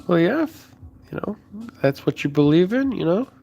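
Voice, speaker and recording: A young man from the United States talks to his stream viewers in a loose, rambling way, thanking them and trailing off into fillers and restarts. His voice sits a little higher than most men's. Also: sing-song, normal speed, creaky, warm tone, dull audio. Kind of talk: casual live-stream chat with viewers.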